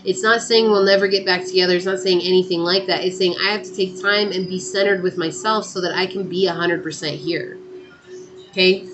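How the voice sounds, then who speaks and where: A woman's voice: lowish voice, steady tone, brisk, muffled recording, noisy background. Chatty woman reading tarot. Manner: chatty, talks straight to viewers. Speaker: tarot reader. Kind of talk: casual tarot reading to viewers.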